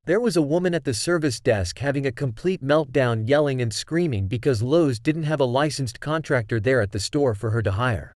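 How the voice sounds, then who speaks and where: A man reading out online stories as scripted narration, with an even read-aloud delivery. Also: mid-range voice, moderate pace, few pauses, dry recording, studio quality.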